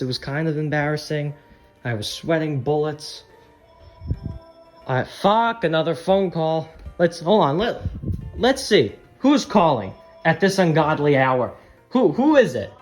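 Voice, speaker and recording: A man's voice: medium pitch, a little mellow. A man rambling candidly in a casual vlog, swearing often, his voice strained. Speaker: channel creator.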